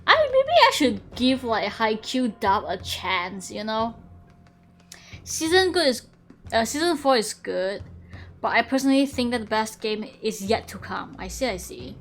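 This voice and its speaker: Young woman streamer, excitable, foul-mouthed, gushes loudly, fairly high voice. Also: measured pace. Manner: excitable, gushing, swears a lot. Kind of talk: casual game-stream commentary. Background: faint game music.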